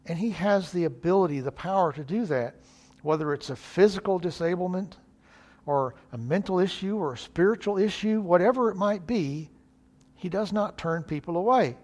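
A man's voice: high-pitched, normal speed, a little mellow. A male preacher, giving an earnest, folksy sermon.

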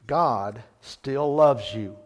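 A man voicing a priest in a sermon story, speaking softly and reassuringly. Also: mid-range voice, voice pushed down. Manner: soft, slow, reassuring.

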